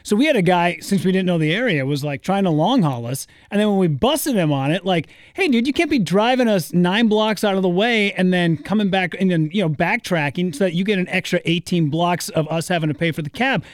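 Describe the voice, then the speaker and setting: A man's voice: sits high, expressive, a little fast, few pauses, dry recording. A man in his thirties co-hosting a radio show, chatting and acting out the lines of people in his stories. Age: 30s. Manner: chatty storyteller who acts out other people's lines. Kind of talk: casual radio banter.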